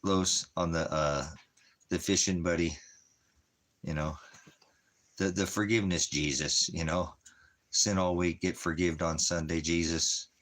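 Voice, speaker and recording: A man's voice: deep voice, fairly even intonation, measured pace, long pauses, a bit bright. A middle-aged man in casual chat, rambling and repeating himself with plenty of "you know" as he talks. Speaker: ministry vlogger.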